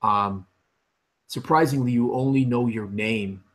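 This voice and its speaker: A man narrating as game master for a tabletop game, slow and halting with many fillers. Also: medium pitch.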